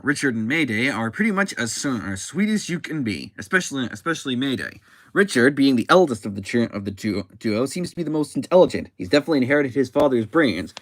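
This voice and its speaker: A man's voice: mid-range voice, fairly bright tone, no echo. Guy rambling about a comic, lots of restarts, voice jumps all over, dry close sound. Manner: halting, frequent restarts and self-corrections. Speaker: comic book reviewer. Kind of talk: casual comic review commentary.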